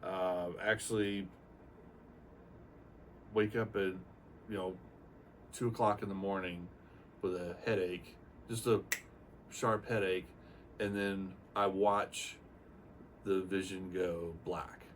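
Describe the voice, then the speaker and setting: A man's voice: deep voice, takes it slowly, long pauses. An older man, a retired Navy aircrewman, telling his story in a casual, rambling way and acting out quotes. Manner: rambling, animated retelling with acted-out quotes. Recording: distant mic with faint room noise.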